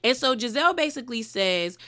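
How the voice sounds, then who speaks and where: Woman, reality TV recap, chatty, animated, gossipy asides, bright voice. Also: on the high side, a little fast. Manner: chatty, animated retelling with quoted voices and laughs; uses "girl" and "okay?" asides. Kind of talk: casual reality show recap.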